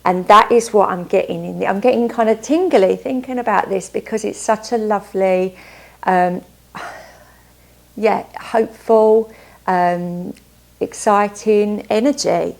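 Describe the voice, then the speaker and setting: A woman's voice: medium pitch, unhurried, creaky. A woman doing a casual tarot card reading, upbeat and chatty, often stopping to add asides. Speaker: tarot reader.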